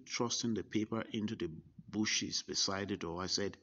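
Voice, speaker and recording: A man slowly recounting a personal story, first person. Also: on the low side, steady tone, fairly bright tone. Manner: slow, deliberate recollection with quoted dialogue. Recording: dull lo-fi recording.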